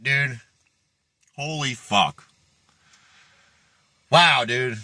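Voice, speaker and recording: A man's voice: mid-range voice, sing-song, fairly quick, pushed and bright, no echo. A man in a swearing, mocking rant as a fitness vlogger, laughing between lines. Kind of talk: profane rant.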